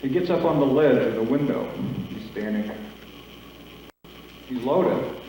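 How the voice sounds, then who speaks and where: A man emceeing a school talent show, telling a long joke in a drawn-out, deadpan way. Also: mid-range voice, distant mic, slight background noise. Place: school auditorium. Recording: echoey hall taped from afar.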